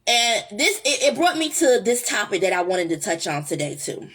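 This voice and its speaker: A woman's voice: mid-range voice, big pitch swings, fairly quick, a little hiss or hum. A woman hosting her own vlog, talking in an earnest, rambling way with lots of fillers and restarts. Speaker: vlog host. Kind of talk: casual heartfelt monologue.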